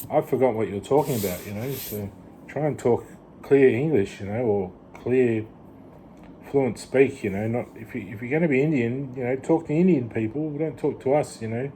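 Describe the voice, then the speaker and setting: A man's voice: medium pitch, normal speed, warm tone, slight background noise. A man talking in a rambling vlog monologue, full of restarts and "you know". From Australia. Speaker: vlogger. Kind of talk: casual rambling monologue to camera.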